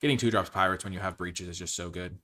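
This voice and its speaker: A man's voice: deep voice, fast, pushed and bright. A man giving casual commentary as he drafts cards, thinking aloud and weighing his choices. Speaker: card game streamer.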